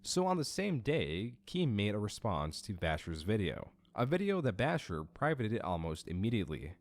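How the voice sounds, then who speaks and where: A man narrating an online drama documentary in a measured, explanatory way. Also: lowish voice, big pitch swings. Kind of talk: scripted narration.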